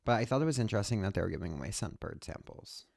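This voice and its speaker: Young female podcast host, hoarse and raspy, blunt jokey chatter, bedroom setup. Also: extremely low pitch, expressive, rapid-fire, darkish tone. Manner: blunt, joking, swears casually. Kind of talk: casual chat. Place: own bedroom.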